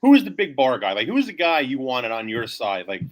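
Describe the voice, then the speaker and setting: A man hosting over a video call, asking his guests questions in a lively, curious way. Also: mid-range voice, fairly quick. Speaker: host. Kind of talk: casual interview questions. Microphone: video call mic.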